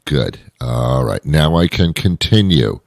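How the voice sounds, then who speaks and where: A man's voice: very deep voice, very animated, slow, vocal fry, no echo, clean studio sound. A man hosting his own show, delivering a rambling comic monologue full of wry asides and self-interruptions. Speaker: show host. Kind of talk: comedic monologue.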